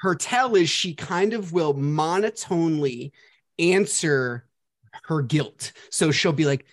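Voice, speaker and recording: A man's voice: on the high side, slow. A man hosting a podcast, telling a story in a casual, profane way and mocking the people he quotes. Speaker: podcast host.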